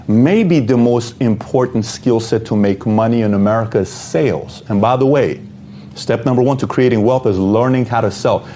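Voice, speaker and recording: Brief: blunt male motivational speaker, mellow voice, rhetorical questions. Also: medium pitch, a little hiss or hum. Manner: direct, asks rhetorical questions. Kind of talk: motivational talk.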